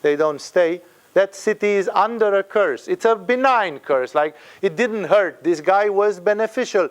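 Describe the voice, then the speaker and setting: A man's voice: sits high, measured pace. A man giving a spiritual talk, emphatic and fond of acting out the people he quotes. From Romania. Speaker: spiritual teacher.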